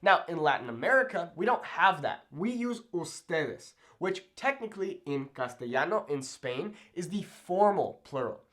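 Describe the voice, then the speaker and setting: A man's voice: fairly high pitch, sing-song, moderate pace, few pauses, a bit bright. A young man giving a chatty whiteboard lesson, upbeat and often checking in with "okay?". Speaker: Spanish teacher. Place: room with a whiteboard.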